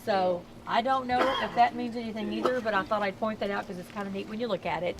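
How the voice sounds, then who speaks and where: A woman's voice: mid-range voice, fairly even intonation, quick pace, very noisy. A middle-aged woman with a Southern Texas accent, a tour guide telling ghost stories to a crowd outdoors in a chatty, folksy way, recorded on a tour member's camera. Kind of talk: storytelling tour talk to a crowd. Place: outdoors on a town street tour at night. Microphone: camera held by a tour member.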